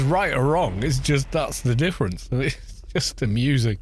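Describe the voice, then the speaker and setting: A man's voice: mid-range voice, animated, measured pace, faint music behind. A British man chatting casually and laughing often while live-streaming a game, teasing how words are pronounced. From Britain. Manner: chatty, amused, laughs often, mocking put-on pronunciations.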